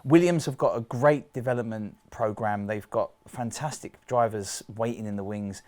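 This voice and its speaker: A man's voice: on the low side, normal speed, a little mellow. Opinionated man on a panel. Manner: opinionated, joking. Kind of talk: casual panel chat.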